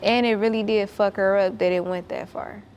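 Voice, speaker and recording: A woman's voice: medium pitch, steady tone, moderate pace, darkish tone, slight background noise. A woman telling a story as a guest. She speaks bluntly and emphatically, swears a lot, and repeats herself when worked up.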